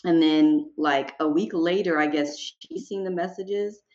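Woman co-host, low voice, relaxed matter-of-fact chat, dull muffled sound. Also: measured pace. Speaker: podcast co-host. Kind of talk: casual chat.

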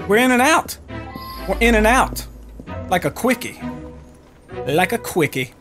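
Speaking a little slowly, the man has a high voice that swings widely in pitch. He's a gaming YouTuber giving crude, joking play-by-play, jeering at enemies and chatting with his viewers, with music behind him.

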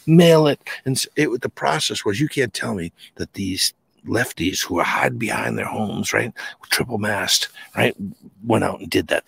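Gravelly, husky man rambling emphatically. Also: lowish voice, fairly bright tone, no room sound. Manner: rambling, emphatic, with many restarts. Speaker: guest. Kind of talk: casual rambling chat. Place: home near the Charles River.

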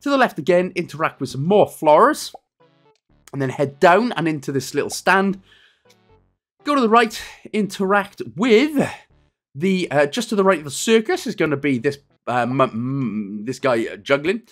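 A man in his thirties narrating a game walkthrough in a casual, rambling, joking way, his voice going a little hoarse. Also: on the high side, sing-song, moderate pace, fairly bright tone, soft background music. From Wales. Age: 30s. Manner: jokey, rambling, self-deprecating asides. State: losing his voice a bit. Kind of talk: casual gameplay walkthrough commentary.

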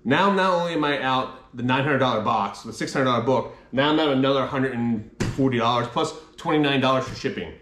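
A man's voice: mid-range voice, brisk, few pauses, fairly bright tone, slight background noise. Exasperated man in an echoey room. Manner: frustrated, exasperated, swears mildly. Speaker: comic collector and vlogger. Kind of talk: casual unboxing vlog. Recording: echoey room, faint ambience.

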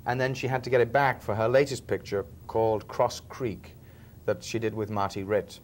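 His delivery is flat and his pitch fairly low, at a normal speed. He's a film actor from Liverpool, England, telling stories in a laid-back interview, chatty and often chuckling.

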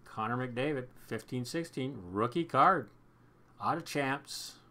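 Upbeat male card-break host with a bright voice, chatty and repetitive. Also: medium pitch, measured pace. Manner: upbeat, chatty, repeats himself while flipping cards. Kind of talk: casual card-opening commentary.

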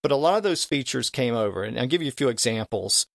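A man's voice: medium pitch, expressive, fast talker, vocal fry. A man speaks as a guest expert on a podcast, patiently walking through how old English dialects sounded. His voice sits in an ordinary middle register. Now and then he stretches a vowel to show how it was said, and the close microphone gives a dry sound with no room echo. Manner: lecturing, drawing out vowels to demonstrate old pronunciations. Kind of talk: explanatory podcast talk.

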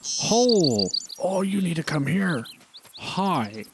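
A man's voice: mid-range voice, moderate pace, noisy background. A man giving casual gameplay commentary, talking and pleading with the animals on screen. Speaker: gaming channel host.

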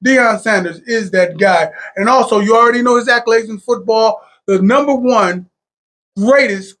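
A man hosting a casual podcast discussion, talking in an animated, enthusiastic way with many fillers. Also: high voice, normal speed. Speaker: podcast host.

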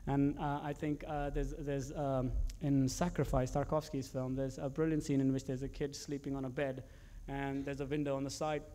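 A male commercial director telling stories about his work in an animated way, with frequent restarts and fillers. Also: mid-range voice, moderate pace, hardly any pauses.

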